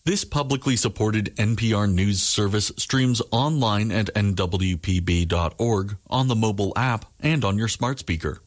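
A man reads the station identification in a formal announcer's delivery. His voice is fairly low. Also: normal speed, hardly any pauses.

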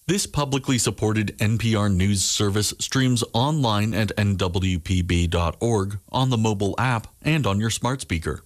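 A man reads a radio station identification in a steady, formal cadence. His voice is on the low side. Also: normal speed, hardly any pauses. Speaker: station announcer.

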